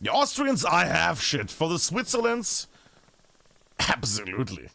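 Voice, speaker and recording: This man, a German speaker from northern Bavaria, casts a team shooter match live, chatty and animated with casual swearing. His voice is high-pitched and gravelly, delivered at a moderate pace.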